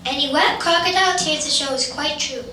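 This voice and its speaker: An older woman narrating a children's tale in measured storybook style during an amateur stage musical. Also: sits high, bright, forceful tone. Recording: echoey hall from far off, background noise.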